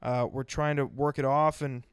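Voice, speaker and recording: A man's voice: medium pitch, level tone, moderate pace, clean tone, no room sound, clean studio sound, lightly acted. A man voicing a chatty neighbor from a dieting couple, rambling eagerly. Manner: rambling, eager, full of fillers.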